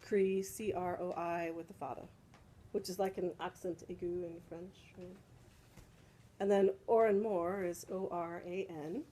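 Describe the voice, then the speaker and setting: A woman's voice: lowish voice, fairly even intonation, measured pace, dark tone, a little hiss or hum, poor audio. A woman leading a casual salon discussion, explaining patiently and often checking in with "right?". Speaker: spiritual teacher leading a salon. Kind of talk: casual group discussion teaching.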